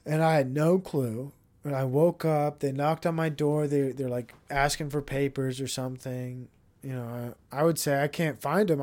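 A man's voice: on the high side, a little mellow. Rambling, profane man. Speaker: podcast host. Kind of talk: casual monologue.

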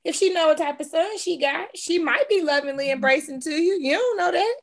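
A woman's voice: very high voice, lively intonation, a little fast. A woman co-hosting a casual chat, teasing the others and making her points with emphasis. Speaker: podcast co-host.

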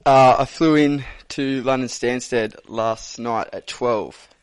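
A man's voice: mid-range voice, slow, clean tone, no room sound. A man in his twenties from Australia, a guest giving short, easygoing answers and sounding a little tired. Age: 20s. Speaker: guest helper. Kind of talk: casual chat.

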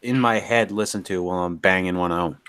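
A man's voice: low-pitched, brisk, a bit bright, slight background noise. A man co-hosting a podcast in casual chat, a playful, crude joker. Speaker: podcast co-host.

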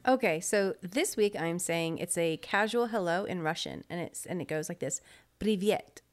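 A middle-aged woman with a somewhat low voice co-hosts a casual podcast. She teases, laughs easily and talks in a loose, conversational way. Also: expressive, normal speed. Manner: teasing, playful, laughs easily. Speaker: podcast co-host. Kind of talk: casual chat.

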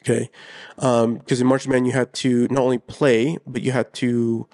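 A man co-hosting a casual podcast, speaking in an easygoing, halting way. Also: mid-range voice, little pitch movement, darkish tone, no echo, studio quality. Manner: easygoing, halting, lots of fillers. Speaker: podcast co-host.

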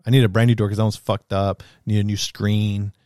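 A man's voice: lowish voice, level tone, fairly quick, darkish tone, clear, resonant tone, no room sound, clean studio sound. Profane storytelling man, casual chat. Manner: profane, storytelling, acts out quotes.

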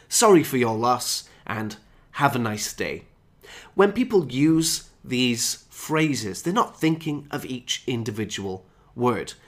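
A man explains everyday phrases like a teacher, his pitch rising and falling in an animated way. He speaks clearly and acts out the example phrases as he goes. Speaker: English teacher. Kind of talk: scripted podcast lesson.

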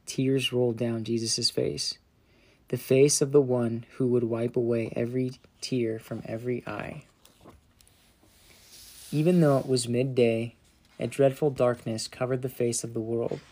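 With a mid-range voice, a steady tone and a measured pace, a man narrates a Bible story for children. He tells it gently and dramatically, growing softer when the story turns solemn.

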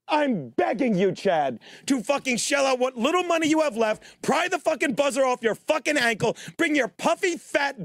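A man's voice: extremely high pitch, dry recording, clean studio sound. A man ranting profanely on a stream clip, heated and rambling. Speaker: commentator in a played clip.

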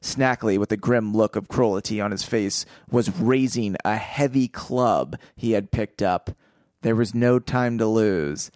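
A man's voice: fairly low pitch, measured pace, darkish tone, no echo, studio quality. A man co-hosting a casual podcast, reading a book aloud and breaking off to riff with jokes. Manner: reads passages then riffs with jokes and laughs. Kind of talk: casual comedic read-along chat.

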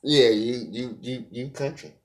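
A man, co-hosting a casual chat in a playful, teasing way with big swings in pitch. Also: unhurried. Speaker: podcast co-host.

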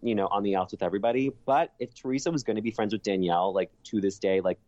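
A man's voice: on the low side, fast talker, darkish tone, no room sound, highs cut off. A man co-hosting a podcast, chatting casually and emphatically, swearing freely and restarting often. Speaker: podcast co-host. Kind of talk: casual recap chat.

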